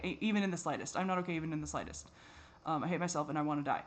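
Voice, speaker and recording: A man's voice: on the high side, very fast. Tired man muttering and swearing. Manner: rambling, heavy swearing, drifting into mutters and whispers. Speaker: vlogger. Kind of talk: rambling personal vlog.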